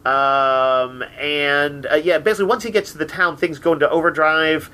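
Bright, chatty man talking films. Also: a little high, fairly even intonation, normal speed. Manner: chatty, enthusiastic, many fillers. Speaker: podcast co-host. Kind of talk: casual film discussion.

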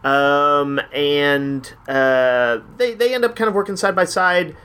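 A man's voice: on the high side, slow pace, bright, forceful tone, clear, resonant tone. A man hosting a comic shop podcast, talking casually and enthusiastically in a rambling, hesitant way. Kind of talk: casual chat reviewing comics.

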